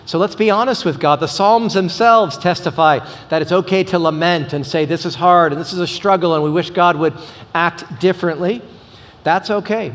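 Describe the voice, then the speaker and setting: A middle-aged man, a pastor, preaching a sermon with animated storytelling. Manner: animated storytelling, voice jumps high for quoted exclaims. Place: church sanctuary. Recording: reverberant church sanctuary.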